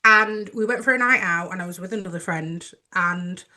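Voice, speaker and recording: A woman's voice: lowish voice, moderate pace, sharp tone. A woman co-hosting a podcast, telling anecdotes animatedly and laughing often. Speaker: podcast co-host. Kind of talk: casual chat, storytelling.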